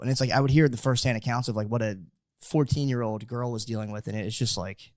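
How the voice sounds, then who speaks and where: Fast-rambling man on a podcast. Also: mid-range voice, no echo, clean studio sound. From United States. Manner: rambling, lots of "like" fillers. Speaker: podcast co-host. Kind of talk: casual chat.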